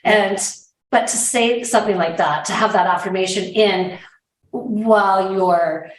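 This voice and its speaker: A woman's voice: medium pitch, unhurried. A woman hosting an interview, talking in a reflective, hesitant way with many restarts. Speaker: host, interviewer. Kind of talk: conversational interview. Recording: echoey room.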